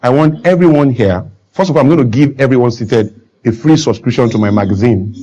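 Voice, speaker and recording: A man from Nigeria, a talk show guest in front of a studio audience, arguing with rising passion and sometimes nearly shouting. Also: medium pitch, fairly quick, lo-fi sound. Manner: builds to emphatic near-shouting, acts out broken English. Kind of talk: impassioned talk show argument.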